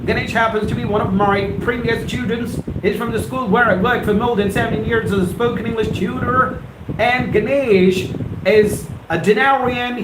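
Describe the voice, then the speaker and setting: A man in his forties, a spoken English tutor running a live lesson, theatrical and animated, drilling words over and over. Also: very high voice. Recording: roomy echo with background noise.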